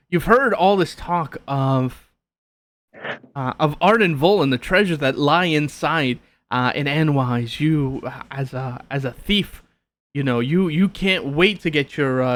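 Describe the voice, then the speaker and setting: A man narrating as game master, halting and repeating himself often. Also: medium pitch, a bit bright. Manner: halting, many fillers and restarts.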